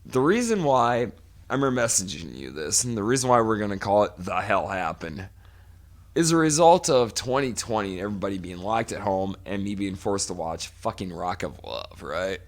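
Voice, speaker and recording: A man's voice: fairly low pitch, very animated, normal speed. A man in his forties co-hosting a podcast, telling a long profane story in casual chat. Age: 40s. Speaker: podcast co-host.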